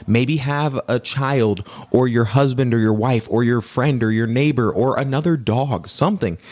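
A man co-hosting a casual talk on dog training, energetic and quick to agree, voicing what the dog thinks. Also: mid-range voice. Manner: energetic, agreeable, voices the dog's thoughts. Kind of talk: casual podcast chat.

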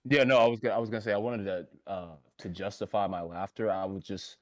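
A young man co-hosts a casual panel talk show, his voice sitting fairly low. He rambles through his points with plenty of fillers and restarts, and he gets giggly easily. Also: steady tone, quick pace. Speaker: podcast co-host.

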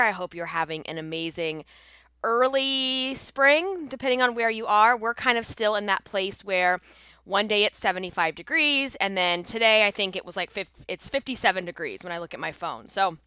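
A woman's voice: medium pitch, pushed and bright, smooth, no echo. A woman hosting a casual solo podcast, chatty and upbeat, sounding congested from allergies. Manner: chatty, upbeat, laughs often. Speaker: podcast host and coach.

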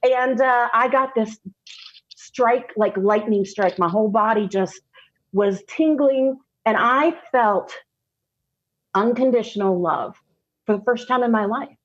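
A woman, a podcast guest telling a personal story candidly, laughing often and slowing down for emphasis. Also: fairly high pitch, dull audio.

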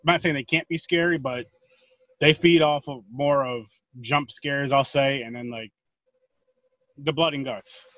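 A man's voice: medium pitch, fairly even intonation, unhurried, a bit bright, no echo. A man hosting a casual interview, encouraging his guest in long run-on thoughts. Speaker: interview host.

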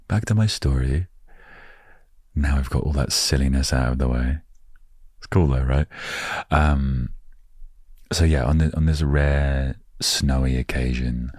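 An Englishman hosting a relaxed storytelling podcast, rambling playfully with jokey asides into a close microphone. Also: extremely low pitch, measured pace, long pauses, slightly rough, no room sound. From England. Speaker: podcast host.

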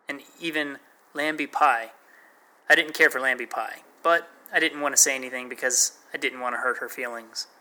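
Male narrator reading a memoir, wry and plain, bright and fairly high. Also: low-quality recording. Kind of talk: first-person memoir narration.

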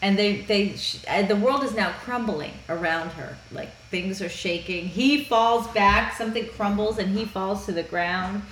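A woman's voice: medium pitch, normal speed, few pauses, fairly bright tone. Female co-host recapping a film in a loose, chatty way; recorded in an echoey room with faint noise. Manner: chatty, leans on "like", acts out scenes. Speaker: podcast co-host. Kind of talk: casual movie recap chat.

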